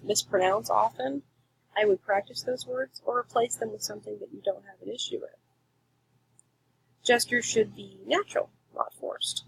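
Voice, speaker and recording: Gravelly-voiced woman teacher giving a lecture. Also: medium pitch, low-quality recording. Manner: clear, instructive, emphatic. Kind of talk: recorded classroom lecture.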